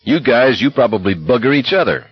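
A reckless young walker screams his hoarse, jeering taunts in a voice pushed far above the speaker's usual low pitch, as a man plays him. The voice is a touch husky. The audio is dull and lo-fi. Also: big pitch swings, fairly quick. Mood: screaming taunts. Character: unhinged young male walker, bitter and reckless.

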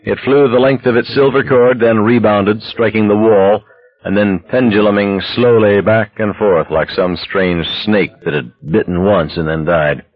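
A man narrating a novel as an audiobook in a steady, measured way. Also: fairly low pitch, no echo. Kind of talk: scripted narration. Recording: dull lo-fi dry recording.

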